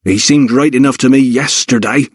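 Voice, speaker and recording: A man's voice: mid-range voice, normal speed, breathy edge, no echo, studio quality, natural voice. A man voicing a smug, broad-shouldered male household servant who mutters and needles the others.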